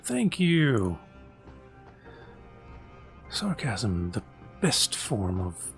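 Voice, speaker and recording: A man's voice: lowish voice, big pitch swings, drawn-out words, soft background music. A man giving casual gameplay commentary, thinking aloud with a wry, muttering manner. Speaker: let's play host.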